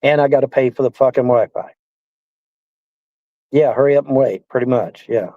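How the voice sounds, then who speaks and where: Complaining indignantly on his livestream, this man swears heavily and circles back to the same points again and again. He talks at a normal speed in a mid-range voice, the audio dull and lo-fi but free of echo.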